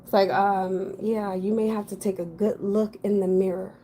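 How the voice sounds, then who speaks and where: Tarot reader, woman, middle pitch, frank and chatty, faint hiss behind. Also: level tone, moderate pace, warm tone. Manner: frank, chatty, thinking aloud with fillers. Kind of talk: casual general tarot reading.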